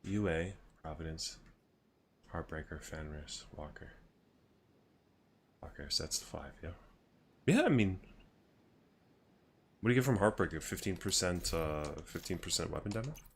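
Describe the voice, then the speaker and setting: Guy streaming a game, really deep voice, swings all over in pitch, cusses a lot, just chatting with chat. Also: expressive, normal speed, long pauses, slight background noise. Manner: casual, swears freely, rambling musings; chats with viewers. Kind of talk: live gameplay commentary.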